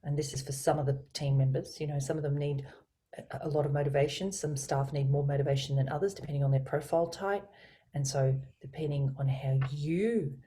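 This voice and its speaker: A woman voice coach speaking as a guest on a video call, explaining communication in an expressive, teacherly way. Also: deep voice, a little hiss or hum. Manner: expressive, teacherly, varies her inflection. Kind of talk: explanatory interview talk with spoken tone demonstrations.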